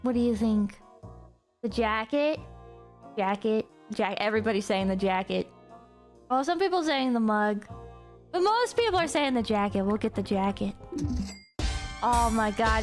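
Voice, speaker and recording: High, slow-talking woman streamer, excitable and squealy, casual game chatter. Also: faint music behind. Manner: excitable, bursts into squeals and laughter, chats with viewers. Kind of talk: casual gameplay commentary.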